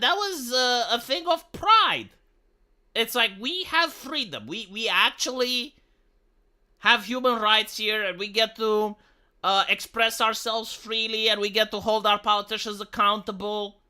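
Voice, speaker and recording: Man, from Romania, live-stream rant, swearing, indignant, very sharp bright tone. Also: high-pitched, animated, measured pace, clean tone. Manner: profane, indignant, heated; stumbling restarts. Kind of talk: ranting commentary on a live stream.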